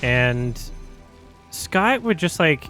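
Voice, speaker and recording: A man telling a casual story on a stream, halting often and restarting his sentences. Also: on the high side, very animated, bright, forceful tone, faint music behind.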